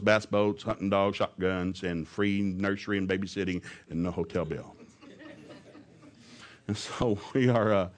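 Brief: middle-aged male preacher, folksy humorous storyteller, laughs through his sermon. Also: on the low side.

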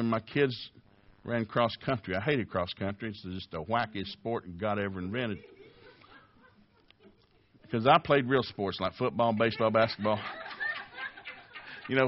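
A man in his sixties preaching a sermon with folksy, animated storytelling. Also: medium pitch. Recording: dull lo-fi audio.

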